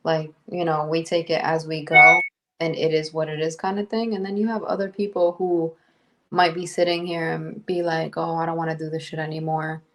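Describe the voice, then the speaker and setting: Easygoing woman with a lowish voice on a podcast. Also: level tone, moderate pace, background noise. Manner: easygoing and upbeat, laughing often. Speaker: podcast co-host. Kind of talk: casual chat.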